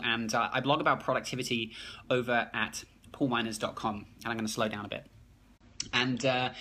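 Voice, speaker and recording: A man with a New Zealand accent, talking fast and excitedly on a phone live stream, reading out comments and restarting his sentences. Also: mid-range voice, husky. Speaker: productivity blogger hosting a live stream.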